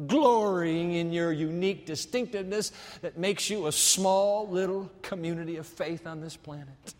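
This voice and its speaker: A man's voice: sits high, moderate pace, hardly any pauses. A man preaching a sermon dramatically, with much rhetorical repetition. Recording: long hall reverb.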